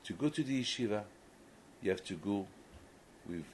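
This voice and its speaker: A man's voice: on the low side, animated, normal speed, a little hiss or hum, poor audio. A man, a rabbi, gives a sermon and tells a story, often restarting and repeating words, in non-native English phrasing.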